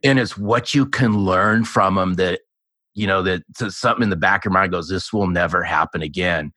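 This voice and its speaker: Male guest in his 50s, low voice with a bright edge, dry close mic, lively storyteller. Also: moderate pace, no room sound. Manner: animated storyteller, acts out quoted dialogue. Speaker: podcast guest, sales author. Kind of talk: casual storytelling interview.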